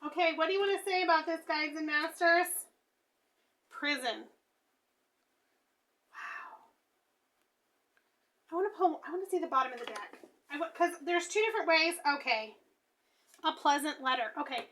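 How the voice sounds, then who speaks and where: A woman doing a tarot reading, high-voiced and bright, swinging from hushed musing to excited exclaiming. She thinks aloud as she turns each card, with a sharp, ringing tone. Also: moderate pace, pauses often. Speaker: tarot reader.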